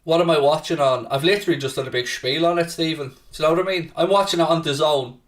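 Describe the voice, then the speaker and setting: Talking fast with hardly any pauses, a man with a fairly high voice hosts a relaxed live football watchalong, reading viewers' messages aloud and swearing freely when worked up. He sounds far from the mic.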